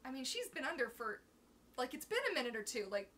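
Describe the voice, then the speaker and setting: Woman host, bright and higher voice, bubbly live chat from a phone at home. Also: very animated, brisk, a little hiss or hum. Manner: bubbly, chatty, fillers like "like" and "oh my gosh". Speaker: livestream host. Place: at home at her computer.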